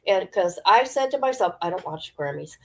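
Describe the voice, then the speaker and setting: With a darkish, medium-pitched voice, lively intonation, and a moderate pace, a woman hosts a livestream. She chats about celebrity gossip in a casual way, speaking straight to her viewers.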